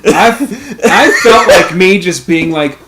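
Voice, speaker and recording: A man's voice: sits high, takes it slowly, fairly bright tone, a little hiss or hum. A young man hosting a let's play, telling rambling stories in casual chat, swearing freely and laughing often. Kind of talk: casual chat over gameplay.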